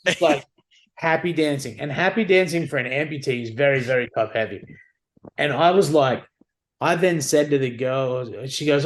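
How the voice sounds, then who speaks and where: A man's voice: mid-range voice, normal speed. A man, a podcast guest, telling stories casually and animatedly, swearing and acting out the dialogue. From Australia. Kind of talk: casual storytelling.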